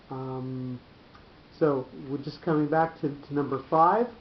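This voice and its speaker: A man teaching a Torah class to a small group, explaining points step by step with halting restarts. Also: mid-range voice, slight background noise. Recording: roomy dull lo-fi class recording.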